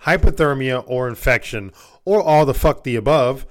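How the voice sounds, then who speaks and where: A man co-hosting a podcast reads his notes aloud in an easygoing, unpolished way. He trips over words now and then and swears freely between the facts. His voice sits at an ordinary middle pitch. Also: animated, moderate pace. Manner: stumbles while reading, swears casually. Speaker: podcast co-host. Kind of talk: casual podcast chat, reading notes aloud.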